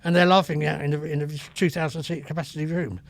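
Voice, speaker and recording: An older man with a gravelly voice, a comedy club veteran telling rambling, earthy stories in a casual podcast chat. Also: on the high side, fairly even intonation, fast, dry recording. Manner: rambling, earthy, swears freely. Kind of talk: casual anecdotal storytelling. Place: podcast studio.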